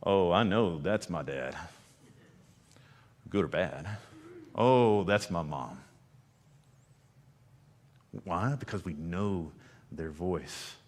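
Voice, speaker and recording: A man preaching a sermon as pastor, swinging between loud emphasis and hushed, low lines. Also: expressive, drawn-out words, pauses often, long reverb tail. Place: church sanctuary.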